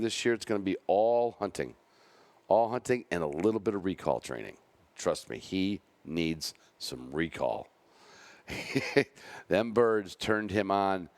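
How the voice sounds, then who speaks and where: A man's voice: low-pitched, a little mellow, dry recording. A man hosting a podcast, chatting casually and rambling through a story about his hunting dog, often restarting his sentences. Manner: rambling, self-correcting, chatty. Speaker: podcast host and bird dog handler.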